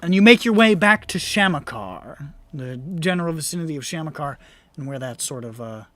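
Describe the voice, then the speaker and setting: Male game master, high voice, laughs through his narration, quick voices for bystanders. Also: expressive, a bit bright, dry recording. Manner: laughs often, acts out passersby.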